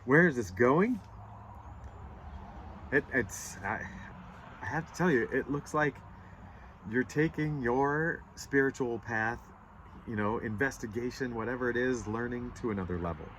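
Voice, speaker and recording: A man's voice: medium pitch, a little slow, long pauses, a bit bright, slight background noise. A man giving a casual, rambling spiritual tarot reading outdoors, earnest and emotional, his nose stuffy from holding back tears. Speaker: tarot reader. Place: outdoors in nature. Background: birds and passing vehicles.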